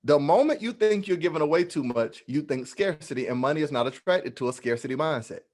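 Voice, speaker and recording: A man's voice: fairly high pitch, quick pace. A man speaking as a guest at an online meetup, giving a playful, preacher-like motivational talk. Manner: animated, playful, preacher-like delivery. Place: online meeting.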